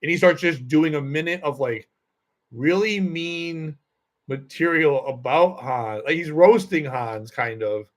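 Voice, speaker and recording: A man with a slightly high voice hosts a casual podcast chat. He tells a story in a loose, rambling way, full of fillers, restarts and laughter. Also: measured pace. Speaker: podcast host and comedian.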